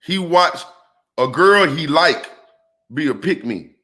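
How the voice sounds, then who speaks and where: A man giving an animated monologue on relationships, calling out to his viewers like a preacher and asking rhetorical questions. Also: fairly high pitch, slow pace. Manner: preacher-like call-outs to the audience. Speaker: relationship commentator.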